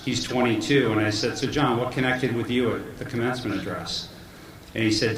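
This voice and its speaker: With a steady, brisk delivery in a mid-range voice, a middle-aged man speaks at a commencement, joking through self-deprecating stories about his family. The podium mic picks up hall echo and background noise.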